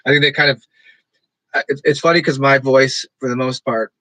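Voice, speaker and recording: A man rambling in casual livestream chat with his viewers, describing his own delivery as monotone. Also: medium pitch, fairly quick, no room sound, rough recording. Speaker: streamer talking to live chat.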